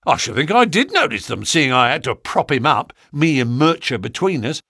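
A man voicing a defensive working-class police constable who speaks rough, ungrammatical English in an audiobook. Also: medium pitch, sing-song, normal speed, sharp tone, no echo, studio quality, exaggerated voice. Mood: aggrieved. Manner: dropped grammar, rough common speech. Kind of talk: audiobook character reading.

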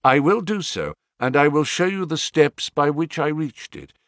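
A man's voice: a little high, big pitch swings, a bit bright, no echo, clean studio sound, voice pushed up. A man voicing a stern, composed detective. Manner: measured and authoritative. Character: stern, calm, self-assured male detective. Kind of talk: audiobook character reading.

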